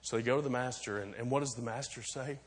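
A man's voice: mid-range voice, fast. A man preaching a sermon as pastor, talking conversationally, explaining and asking rhetorical questions, then building to emphatic points. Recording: long reverb of a large hall.

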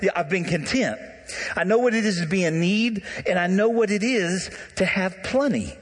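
An animated male preacher talks straight to his congregation. His voice sits a little high and carries a slightly husky edge. The long reverb of a church sanctuary trails after every phrase. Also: normal speed. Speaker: pastor. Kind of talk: sermon.

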